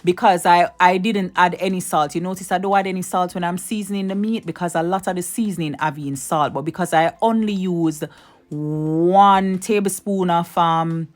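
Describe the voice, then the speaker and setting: A woman's voice: on the low side, steady tone, moderate pace. A woman hosting a cooking video, chatting with viewers and giving step-by-step tips. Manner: chatty, addresses viewers directly, repeats advice. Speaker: cooking channel host. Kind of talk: casual cooking tutorial.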